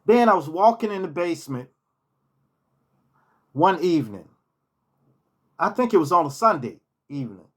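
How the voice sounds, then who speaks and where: A man's voice: on the high side, very animated, moderate pace, pauses often, fairly bright tone. A man casually telling personal stories from his hotel job, repeating key phrases for emphasis. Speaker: storyteller, former hotel manager.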